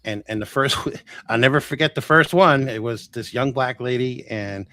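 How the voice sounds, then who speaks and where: A man in his sixties, a healer guest telling stories in a casual, animated way, chuckling often and acting out what people said. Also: mid-range voice, normal speed. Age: 60s. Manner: animated, chuckles often, acts out quoted dialogue. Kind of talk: casual storytelling.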